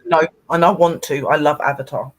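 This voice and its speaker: A man's voice: on the high side, steady tone, a little fast, a crowd in the background. A man co-hosting a casual paranormal livestream, rambling and greeting viewers by name.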